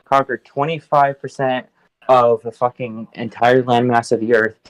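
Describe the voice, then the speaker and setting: A man's voice: medium pitch, no room sound, poor audio. An American man chatting casually, telling stories and teasing, often swearing. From United States. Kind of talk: casual chat.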